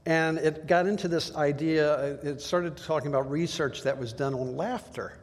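Guy preaching, kinda high voice, chatty, does little voices for people, long echo in the room. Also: moderate pace. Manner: conversational, acts out quoted voices. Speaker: pastor. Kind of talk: sermon. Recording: long hall reverb.

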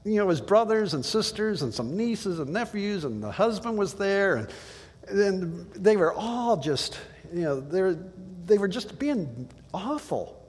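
A man's voice: high voice, very animated, measured pace, slightly rough, in a large hall. A male pastor giving a conversational sermon, telling stories in a plain way with asides to the listeners.

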